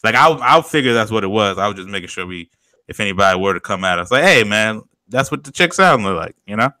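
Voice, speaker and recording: A young man co-hosting a podcast, animated and slangy, laughing often in casual banter. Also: fairly low pitch, quick pace, dry recording. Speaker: podcast co-host.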